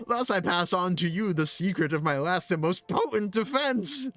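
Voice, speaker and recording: A man's voice: high-pitched, expressive, normal speed, fairly bright tone, no echo. A man reading out a video game's dialogue aloud as a pompous, scheming male guildmaster mage with grand, old-fashioned phrasing. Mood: grandiose.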